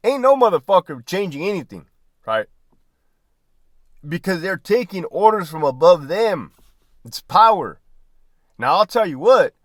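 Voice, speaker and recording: A man's voice: sits high, big pitch swings, a little slow, pauses often, no echo, studio quality. A man who was a prison lieutenant, talking bluntly and profanely to viewers, often tagging "right?" and "man". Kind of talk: candid casual monologue.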